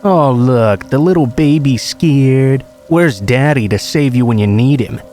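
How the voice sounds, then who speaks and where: A teenage intruder sneering in a sing-song baby-talk voice, as a male narrator puts him on in a spoken horror story. The tone is mellow underneath, with rain and faint music behind. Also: mid-range voice, a little slow, close to an everyday voice. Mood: mocking.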